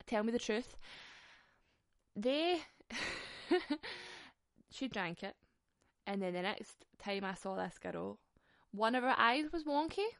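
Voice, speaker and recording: Sweary Scottish woman with a gravelly voice. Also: fairly high pitch, no room sound, studio quality. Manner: sweary, laughing, animated. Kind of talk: casual storytelling.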